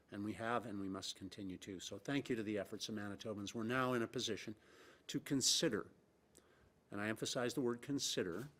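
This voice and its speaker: A middle-aged man with a fairly low voice delivers a formal press briefing statement as a provincial premier. He speaks in a measured way, leans on key words for emphasis and fills his pauses with "uh.". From Canada.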